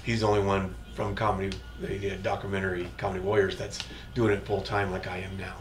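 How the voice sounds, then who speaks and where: A man's voice: deep voice, flat delivery, fast. A man, a comedian and war veteran, talking earnestly and a bit rambling in a casual interview. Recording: echoey, distant mic, loud background noise.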